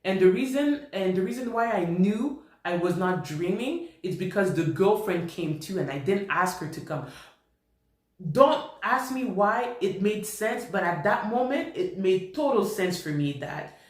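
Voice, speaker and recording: Animated man telling a personal story. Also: high-pitched, a little slow. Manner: animated, repeats himself while recounting. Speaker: vlogger. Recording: roomy echo.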